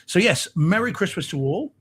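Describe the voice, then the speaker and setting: A man's voice: high-pitched, animated, moderate pace, fairly bright tone, slightly rough. A man co-hosting a podcast in a casual live-stream chat, reading out and greeting viewer comments. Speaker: podcast co-host.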